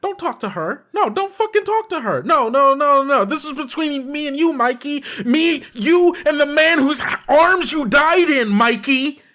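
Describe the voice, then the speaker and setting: A man playing a furious, high-voiced betrayed friend. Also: expressive, moderate pace, hardly any pauses. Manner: heated, profane, yelling in character. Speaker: player. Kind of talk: in-character tabletop role-play.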